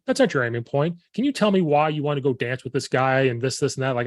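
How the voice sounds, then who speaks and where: A man hosting a podcast as a football coach, telling stories with lively acted-out quotes. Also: medium pitch, very fast, few pauses, no echo. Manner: animated storytelling, acting out quoted players and himself. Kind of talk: casual chat.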